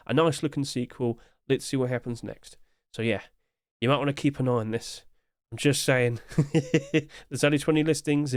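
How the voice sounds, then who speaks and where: A man's voice: mid-range voice, no room sound, studio quality. A man giving casual, upbeat commentary as he reviews game skins, chatting along with light chuckles.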